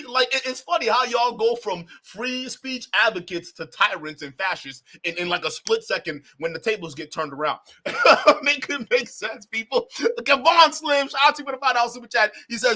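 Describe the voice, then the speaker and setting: Animated high-voiced male streamer. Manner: animated, laughing, mocking, talks to chat. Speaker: reaction channel host. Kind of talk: livestream reaction commentary.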